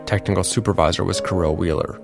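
A man giving scripted narration and credits in a measured, matter-of-fact way. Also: low-pitched, fairly even intonation, gravelly, over music.

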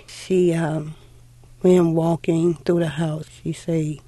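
A middle-aged woman telling a heartfelt personal story in an unhurried way, acting out old conversations. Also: low voice, flat delivery, mellow, no echo. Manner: unhurried, heartfelt, acts out dialogue. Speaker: interviewee.

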